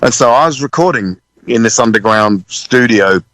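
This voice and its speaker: A British man, a drummer, telling a lively story in a radio interview, swearing freely and acting out other people's voices. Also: mid-range voice, moderate pace, no room sound, rough recording. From United Kingdom. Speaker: guest drummer.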